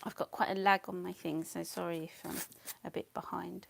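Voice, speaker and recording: Woman live streaming her painting, chatty and a bit scatterbrained, bit breathy, faint noise behind. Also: on the low side, level tone, a little fast. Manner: chatty, scattered, laughs often, mutters asides. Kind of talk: casual live-stream chat while painting.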